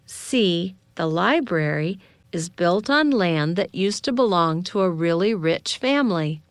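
Excited conspiratorial teen girl read by a woman; smooth, unhurried, dry. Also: lowish voice, no echo. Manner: eager, conspiratorial.

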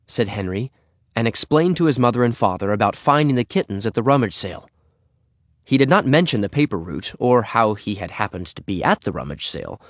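A man reading a children's storybook aloud as narrator, in an expressive, animated way. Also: fairly low pitch, no room sound, clean studio sound.

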